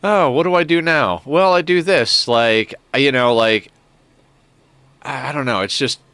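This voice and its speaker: Bright, clear-voiced streamer rambling thoughtfully. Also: male voice, medium pitch, unhurried, dry recording. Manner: rambling, reflective, many filler "like"s; cooing baby talk to a pet. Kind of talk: casual gameplay stream chat.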